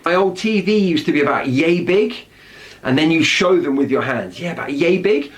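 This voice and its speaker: A British man with a British accent explains slang words one by one, upbeat and explanatory. His voice sits a little on the high side. He keeps checking in with his listeners, asking "right?" after his points. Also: animated, moderate pace. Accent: British English. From Britain. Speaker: English slang teacher.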